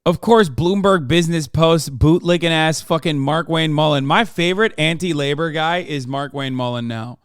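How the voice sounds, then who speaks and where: A man's voice: fairly high pitch, normal speed, few pauses, clean tone, no echo, clean studio sound. A man streaming a reaction video, talking to his chat in a sarcastic, profane way.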